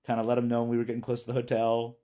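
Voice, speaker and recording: A man telling a personal story in a chatty, animated vlog. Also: mid-range voice, rapid-fire, lo-fi sound.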